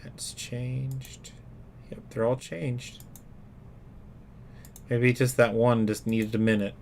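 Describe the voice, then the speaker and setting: A man's voice: medium pitch, level tone, takes it slowly, darkish tone, slight background noise. A man hosting a live stream, chatting casually and joking as he thinks aloud while writing music. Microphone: USB studio microphone.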